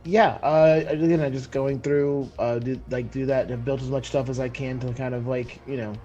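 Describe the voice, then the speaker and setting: A man's voice: medium pitch, steady tone, normal speed, mellow, lo-fi sound. A man playing a tabletop role-playing game, chatting casually with many fillers. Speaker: player.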